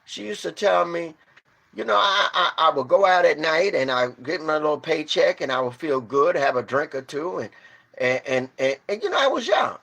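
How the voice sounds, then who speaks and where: A man's voice: animated, normal speed, creaky. A man telling a story and preaching informally. He talks emphatically, repeats his rhetorical questions, and stumbles over restarts. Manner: storytelling, swinging from low to loud.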